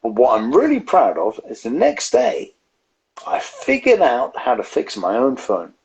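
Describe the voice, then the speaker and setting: A man's voice: medium pitch, huge pitch swings, unhurried, vocal fry, darkish tone, highs cut off. A man, co-hosting a live beer review stream, rambling and swearing freely in casual chat.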